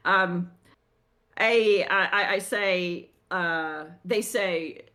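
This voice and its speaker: A woman's voice: fairly low pitch, very slow, bright, forceful tone. A middle-aged Australian woman with a slight American twang, chatting casually on a podcast, rambling with many restarts and repeated words. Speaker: podcast co-host. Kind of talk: casual chat.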